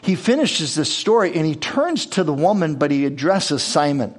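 A man's voice: fairly high pitch, sing-song, normal speed. A man preaching a sermon, reading scripture aloud and explaining it in a conversational way with rhetorical questions. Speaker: pastor.

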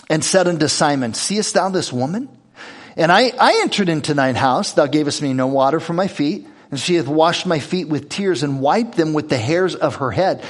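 A man preaching a sermon, reading scripture aloud and explaining it in a conversational way with rhetorical questions. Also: a little high. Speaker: pastor.

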